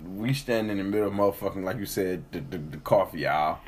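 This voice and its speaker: A man with a husky, slightly breathy voice tells a story on a casual podcast. He swears freely and keeps it animated, jumping into other people's voices to act out what they said. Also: deep voice, fast talker. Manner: profane, animated storytelling with acted-out quotes. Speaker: podcast co-host.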